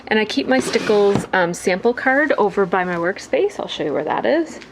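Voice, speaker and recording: A woman's voice: medium pitch, expressive, moderate pace, a little hiss or hum, rough recording. A woman giving a casual tour of her home craft room, chatty and rambling with lots of fillers. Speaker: crafting vlogger.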